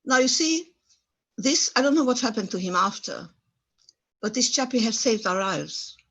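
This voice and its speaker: An elderly woman from the former Yugoslavia, with a husky voice, gives a personal testimony. She tells the story vividly and emotionally. She reaches for words in her non-native English and sounds stirred up by what she remembers. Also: on the high side, expressive, normal speed, a bit bright. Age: 80s. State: stirred up by memories. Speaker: Holocaust survivor guest speaker. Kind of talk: personal testimony at an online talk.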